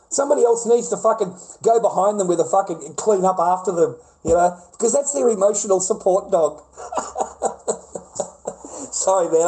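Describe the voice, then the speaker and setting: Middle-aged man, Australian accent, livestream rant, heated and profane, high voice. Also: dark tone, low-quality recording.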